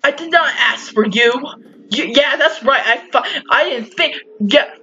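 A woman's voice: high-pitched, animated, measured pace, pushed and bright, lo-fi sound. A young woman playing a horror game, chatting, talking back to the game and shrieking and swearing at the scares. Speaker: gaming YouTuber. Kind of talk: let's play commentary.

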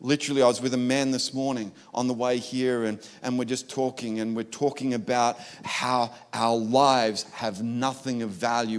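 A male pastor with an Australian accent, preaching a passionate sermon that swings between fervent lines and hushed, confessional ones. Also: mid-range voice. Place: church.

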